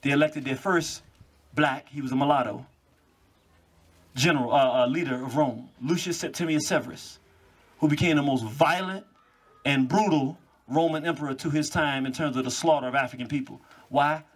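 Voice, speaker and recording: A man giving an animated public lecture to a live audience, telling stories with mocking asides. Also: a little high, normal speed, slightly rough. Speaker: public speaker. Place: cultural venue before a live audience.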